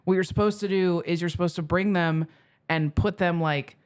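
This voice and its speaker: Smooth-voiced woman telling a rambling story. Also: on the low side, steady tone, moderate pace, darkish tone. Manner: rambling anecdote full of "like" and "um" fillers. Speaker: comedian guest. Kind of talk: casual storytelling on a podcast.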